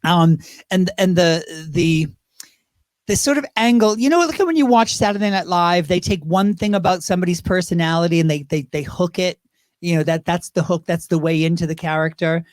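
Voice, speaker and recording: A man with a high voice chats as a talk-show guest, lively and full of asides and restarts. He is close on the mic in a dry room. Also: a little fast, no room sound. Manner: chatty, animated, lots of restarts and asides. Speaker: guest, drag performer. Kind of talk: casual interview chat.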